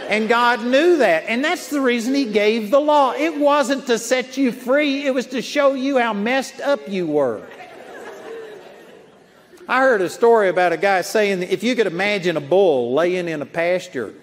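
Speaking high and at a measured pace, a man delivers a sermon in a folksy, story-driven way, chuckling at his own anecdotes. Some chatter can be heard behind him. He's in a large auditorium, and the recording has a long reverb.

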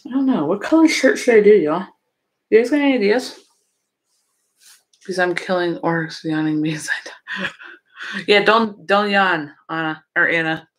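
A woman's voice: fairly low pitch, moderate pace, pauses often. Sleepy woman chatting on a livestream. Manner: sleepy, yawning, chatty with viewers. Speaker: livestream host. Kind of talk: casual livestream chat.

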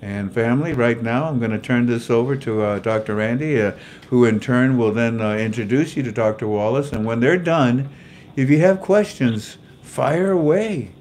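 An older man hosts a casual livestream in a mid-pitched voice. He sounds jovial and chatty, greets viewers one by one and chuckles at his own jokes. A faint hum sits behind him. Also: normal speed, a little mellow. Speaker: livestream host. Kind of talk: casual livestream chat and prayer.

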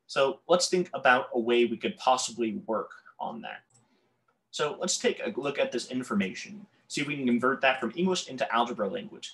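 Man, calculus teacher, explaining at a board, stumbles over words, corrects himself, mid pitch. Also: fairly bright tone. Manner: tongue-tied, self-correcting, apologetic asides. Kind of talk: whiteboard math lesson.

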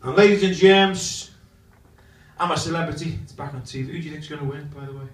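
A man's voice: a little high, steady tone, very fast, a bit bright. A man doing live stand-up at an event, cheekily teasing the crowd and jumping between voices. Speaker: comedian and impressionist. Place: large function room, indoors. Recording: echoey hall from far off, faint noise.

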